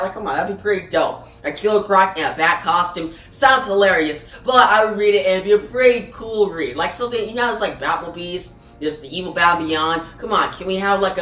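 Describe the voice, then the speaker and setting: A woman's voice: mid-range voice, sharp tone. Chatty woman recapping a comic in an echoey room. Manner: chatty, keeps asking "right?". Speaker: comic book reviewer. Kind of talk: casual comic book recap. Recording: echoey room, distant mic, faint music.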